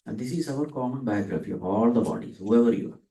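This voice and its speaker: A man's voice: medium pitch, expressive, warm tone. A man giving a spiritual discourse, asking questions and answering them himself, lingering on Sanskrit words. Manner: asks and answers his own questions; dwells on Sanskrit terms, drawn out slowly. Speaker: spiritual teacher. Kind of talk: Vedanta discourse. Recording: echoey room, from a distance.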